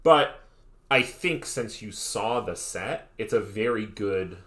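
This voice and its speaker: Laid-back low-voiced male esports caster. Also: lively intonation, takes it slowly, fairly bright tone. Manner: laid-back, rambling, joking asides. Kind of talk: casual live-stream commentary.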